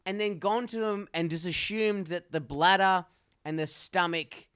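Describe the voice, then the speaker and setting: A man's voice: high voice, measured pace, fairly bright tone, clean tone, dry recording, clean studio sound. Crude, swearing young man. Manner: crude, swears constantly, tells rambling stories. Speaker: podcast co-host. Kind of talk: casual chat.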